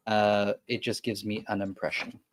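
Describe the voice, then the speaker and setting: A man's voice: on the low side, little pitch movement, normal speed. A man playing a tabletop game, chatting in a hesitant way and laughing often. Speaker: player. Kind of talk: casual tabletop play.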